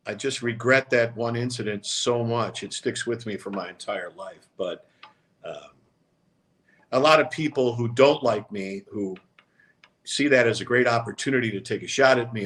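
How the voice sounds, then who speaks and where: An older man speaks at an everyday mid pitch, unhurried and conversational. He drifts into long stories in a reflective, regretful voice, now and then slipping into the voices of the people he quotes. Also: fairly bright tone. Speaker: sports talk show co-host. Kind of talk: casual storytelling chat.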